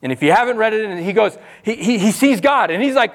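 Male pastor, high voice, lively preaching, acts out the quoted voices. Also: fast, hardly any pauses. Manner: animated preaching, acting out quoted voices with sudden high pitch. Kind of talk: sermon.

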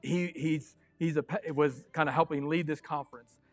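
A man preaching a sermon as pastor of his church, excitable and fiery, breaking into yells. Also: fairly high pitch, normal speed, no echo, faint music behind. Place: church sanctuary.

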